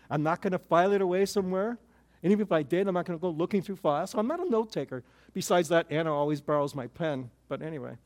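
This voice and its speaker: Older male pastor, high-pitched, informal storytelling sermon with wry humor. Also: darkish tone. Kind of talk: conversational sermon.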